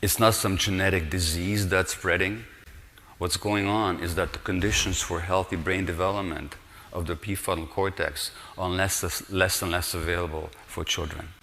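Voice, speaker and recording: An older man with a low voice gives an earnest lecture, pressing his points with rhetorical questions. His words ring out with a long hall reverb. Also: fairly even intonation, moderate pace, sharp tone, a little hiss or hum. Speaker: speaker giving a lecture. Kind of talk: public lecture.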